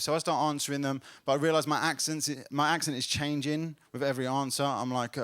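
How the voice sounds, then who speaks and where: A man performing a stand-up comedy set on a club stage, telling a story and building to loud laughs. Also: a little high, a little fast, few pauses.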